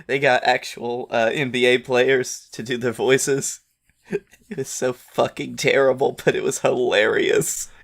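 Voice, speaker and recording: A man's voice: mid-range voice, steady tone, unhurried, creaky. A man hosting a podcast in casual chat, easygoing and profane, steering the talk back on track.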